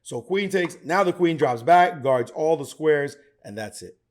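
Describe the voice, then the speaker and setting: A middle-aged man teaching chess, excitable and theatrical, talking straight to the viewer. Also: fairly high pitch, unhurried. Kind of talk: animated chess commentary.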